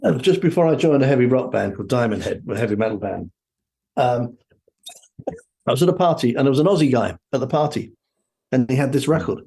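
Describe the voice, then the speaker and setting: A man's voice: medium pitch, expressive, brisk, creaky, dark tone. A man guesting on an interview show, chatting casually and telling rambling stories with many fillers. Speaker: guest musician.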